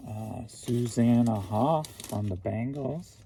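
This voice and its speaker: Gravelly, playful man rambling casually. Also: mid-range voice, slow, mellow, slight background noise. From St. Louis, Missouri. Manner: playful, riffs jokingly on names. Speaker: online reseller.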